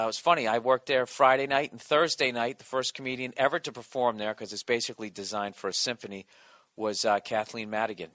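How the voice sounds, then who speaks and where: A man's voice: mid-range voice, a bit bright, no room sound. A man, a comedian and podcast host, in a sarcastic, profane, exasperated ranting monologue.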